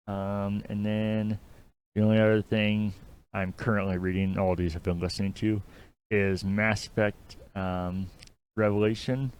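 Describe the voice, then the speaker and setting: Low-voiced, easygoing podcast man. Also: clean tone. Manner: easygoing, rambling, filler-heavy. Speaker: podcast co-host. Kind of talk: casual podcast chat.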